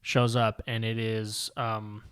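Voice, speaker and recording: Flat-voiced man recapping a comic. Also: lowish voice, slow, clear, resonant tone. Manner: long-winded, rambling with fillers. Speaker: podcast co-host. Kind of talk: casual comic book discussion, reading panels aloud.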